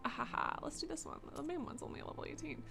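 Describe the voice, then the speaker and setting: A woman's voice: sits high, fast, creaky, bright, forceful tone. A woman streaming a video game, ranting in dramatic exasperation. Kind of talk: live game stream commentary.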